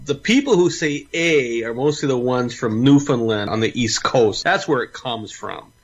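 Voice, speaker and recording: A man's voice: mid-range voice, animated, moderate pace, dull audio. A Canadian man co-hosting a radio talk show, explaining in a matter-of-fact way. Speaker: healer and show co-host. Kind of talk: casual radio chat.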